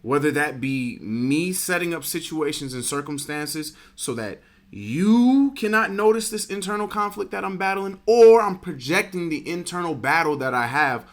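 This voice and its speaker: A man's voice: a little high, expressive, normal speed, hardly any pauses. A man co-hosting a casual podcast chat, talking frankly and swearing freely. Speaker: podcast co-host.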